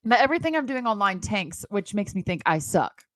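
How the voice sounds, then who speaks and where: A woman in her thirties chats on a podcast, telling self-mocking stories in an animated voice. Her pitch sits mid-range and swings widely as she talks. The recording is dry and close, with no room sound. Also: fairly quick, no echo. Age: 30s. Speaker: podcast co-host. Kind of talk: casual chat.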